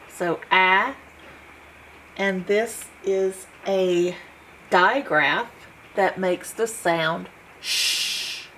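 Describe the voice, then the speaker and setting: A woman teaching a phonics lesson, sounding out letters one by one in a slow, patient way. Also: mid-range voice, a bit bright, slight background noise, poor audio. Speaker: homeschool teacher.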